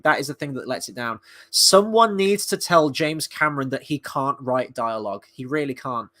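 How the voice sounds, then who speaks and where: Man, film reviewer, blunt, sweary, exasperated, casual rant, fairly high pitch. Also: bright, forceful tone.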